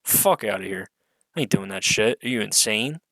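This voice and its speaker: A man's voice: lowish voice, expressive, moderate pace, gravelly, fairly bright tone, dry recording, poor audio. A man giving an unscripted solo rant as an online commentator, profane, exasperated and sarcastic, swearing often amid fillers.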